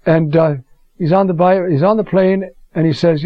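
A man's voice: high voice, steady tone, normal speed, dry recording. An older man giving a conversational Bible teaching, telling stories and often asking his listeners "you see?". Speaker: preacher. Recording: dull lo-fi recording.

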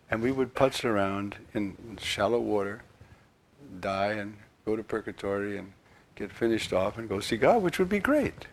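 An older man giving a sermon as a priest, in an animated, conversational way with frequent restarts and a gravelly, husky voice. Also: fairly low pitch, a little slow.

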